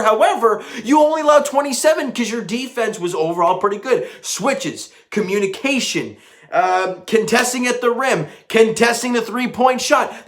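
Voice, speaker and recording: Bright-voiced man giving an excited game recap. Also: very high-pitched. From Canada. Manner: emphatic, conversational fan ranting. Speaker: sports fan commentator. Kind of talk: casual post-game recap.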